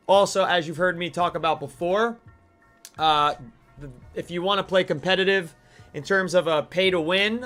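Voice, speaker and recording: A man's voice: a little high, a bit bright. A man hosting a live gaming stream, ranting animatedly and with mock outrage, chatting to viewers. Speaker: streamer host.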